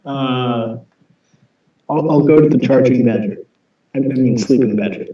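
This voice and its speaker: A slow, hesitant man playing a tabletop game, with a dark, mellow voice. He stammers and repeats his words. He sits away from the mic in an echoey room. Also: medium pitch, distant mic. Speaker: player. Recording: roomy, from off mic.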